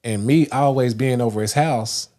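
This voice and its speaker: This Dallas, Texas livestream host has a warm, medium-pitched voice at normal speed. His motivational monologue wanders loosely, with plenty of fillers and restarted sentences.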